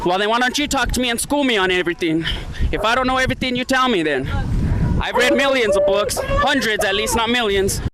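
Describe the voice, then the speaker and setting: High-voiced man arguing at a street protest. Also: animated, brisk, background noise. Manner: argumentative, provoking. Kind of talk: confrontational street recording. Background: drumming and crowd chants.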